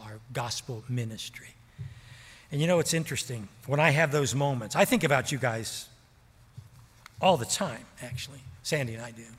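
Middle-aged male pastor, earnest storyteller, average pitch, reverberant church hall. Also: expressive, slightly rough. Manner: earnest, slows down for emphasis. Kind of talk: storytelling sermon.

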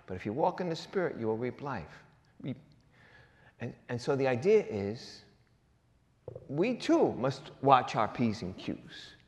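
A male pastor preaching a sermon, asking rhetorical question after question and swinging between loud emphasis and hushed lines. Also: medium pitch, very animated, measured pace, long pauses. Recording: long reverb of a large hall.

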